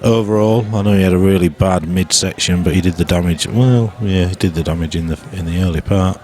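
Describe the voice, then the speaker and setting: Deep-voiced pool commentator, jokey and dry, casual live stream banter. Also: male voice, brisk, mellow. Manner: jokey, chuckling, dry British humour.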